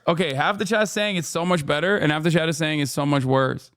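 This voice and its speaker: Male streamer, 30s, animated joking reaction commentary, crisp resonant voice, dry close mic. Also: on the high side, a little fast, hardly any pauses, no echo. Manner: animated, joking, reads chat aloud.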